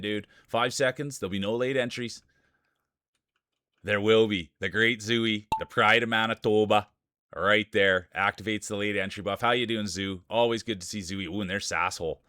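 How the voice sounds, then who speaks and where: A man's voice: fairly low pitch, bright, forceful tone, no echo, clean studio sound. A man with a Canadian accent streaming live, greeting his chat by name and joking through marble race commentary. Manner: chatty, greets viewers by name, jokey.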